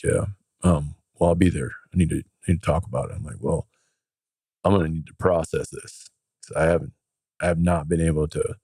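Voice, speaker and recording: A man's voice: very deep voice, mellow, slightly rough, dry recording. A man as a podcast guest, casually telling a story in a laid-back way and acting out what others said. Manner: laid-back, acts out others' lines in quotes.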